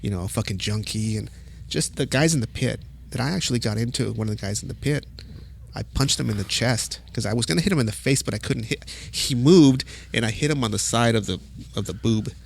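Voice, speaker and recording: Gravelly man telling profane stories. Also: medium pitch, brisk. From El Paso, Texas. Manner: profane, animated storytelling with acted quotes. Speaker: podcast guest, music photographer. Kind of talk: casual storytelling.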